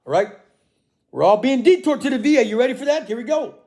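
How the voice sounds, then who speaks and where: A man delivering an angry, profane, accusatory monologue, swinging between shouting and low muttering, tagging lines with "okay?" and "all right?". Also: animated, quick pace. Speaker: vlogger.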